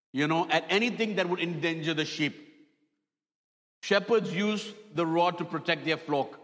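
High-voiced pastor preaching in a reverberant hall. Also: male voice, fairly bright tone. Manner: preaching with dramatic storytelling and repeated lines. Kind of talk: sermon.

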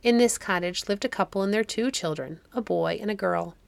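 Woman, fairy-tale audiobook narrator, measured storytelling, mid voice, dry close sound. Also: mid-range voice, gravelly, dry recording.

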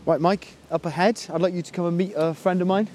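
Guy, quick deadpan comedy host, bit high voice, some music under it. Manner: deadpan, earnest about absurd ideas. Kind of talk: mock-serious comic banter.

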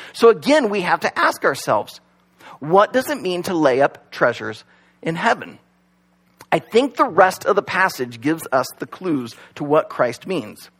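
A man's voice: high-pitched, a bit bright, slightly rough. A man preaching a sermon in a conversational, joking way, full of "like" and "you know", at a church service that is also streamed online. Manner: conversational, joking, many fillers. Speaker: pastor.

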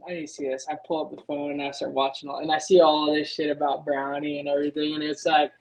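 A young adult man, a motocross racer, telling stories as a podcast guest in an animated way, leaning on filler words. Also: fairly high pitch, fast, poor audio. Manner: animated, leans on filler words, acts out his own past thoughts. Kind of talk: casual podcast storytelling.

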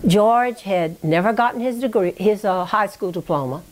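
A woman's voice: medium pitch, normal speed. A woman tells a long family story in an oral history interview. She talks in a reflective, meandering way, circling back to details and checking that her listener follows along. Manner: reflective, digressive, with frequent "you know" and "okay?".

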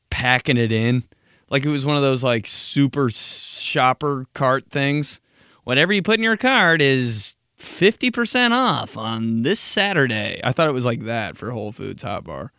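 A young man hosting a casual solo podcast, swearing a lot and ranting in an animated, crude way. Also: medium pitch, dry recording, clean studio sound. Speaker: podcast host.

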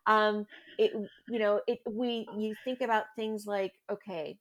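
A woman's voice: mid-range voice, steady tone, measured pace. A middle-aged woman speaking as a guest in a casual interview, a chatty storyteller who often laughs. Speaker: guest parent.

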